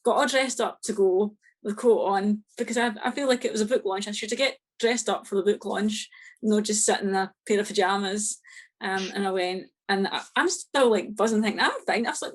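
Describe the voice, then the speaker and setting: A woman's voice: medium pitch, a little fast. A woman with a Scottish accent, an author chatting as a podcast guest, telling a story with lots of laughter and acted-out quotes. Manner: lively, laughs often, acts out quoted exchanges. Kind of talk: casual storytelling chat.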